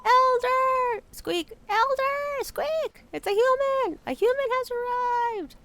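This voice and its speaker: A woman voicing an excitable male rat guard in a video game, squeaking and calling out shrilly. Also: slow pace, noisy background, exaggerated voice. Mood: excited.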